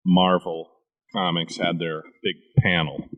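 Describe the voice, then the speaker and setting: A man's voice: deep voice, flat delivery, takes it slowly, lo-fi sound. A man co-hosting a casual chat who explains comic book news at length and answers his co-host with short agreeing replies. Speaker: comic shop owner, podcast co-host.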